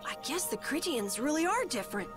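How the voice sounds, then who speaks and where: A man's voice: very high-pitched, big pitch swings, brisk, over music, voice pushed up. A man voicing a hesitant young girl companion in a game he is playing. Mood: wondering.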